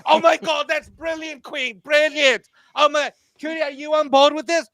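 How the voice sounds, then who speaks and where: A man voicing a campy, gushing male TV writer in a mocking, sing-song way, squealing with excitement. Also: extremely high pitch, normal speed, voice pushed up, exaggerated voice. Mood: giddy.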